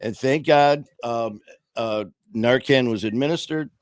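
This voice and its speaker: A man's voice: medium pitch, a little slow, no room sound. A man hosting a casual live stream interview, talking in long runs full of fillers and restarts. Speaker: host. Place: home studio on a live stream call.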